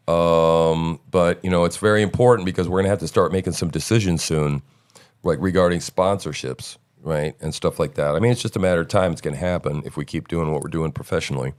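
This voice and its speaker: Deep-voiced man rambling on a stream. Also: clean tone. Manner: rambling, loose, with many fillers and restarts. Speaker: show host. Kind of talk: casual live-stream chat.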